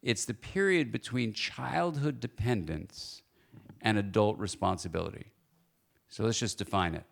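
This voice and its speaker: A man speaking as a guest lecturer at a church forum, lively and playful, often asking the audience questions. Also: fairly low pitch, unhurried, vocal fry.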